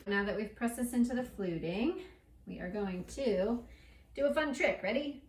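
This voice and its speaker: A woman's voice: fairly high pitch, lively intonation, moderate pace. A woman hosting a home baking show, walking through a recipe in a playful, chatty way and talking to her dough as she works in a kitchen. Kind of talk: casual cooking tutorial. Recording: echoey room, mic at a distance.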